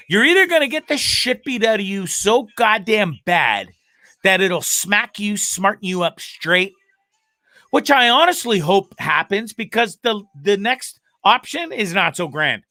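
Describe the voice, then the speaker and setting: A man with a bright, forceful voice pitched a bit above the usual, hosting a live web show in a casual, profane way. He rants and laughs freely between topics. The sound is dry and close. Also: big pitch swings, measured pace, no room sound. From Canada. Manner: profane, ranting and laughing often. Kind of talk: casual live-stream chat.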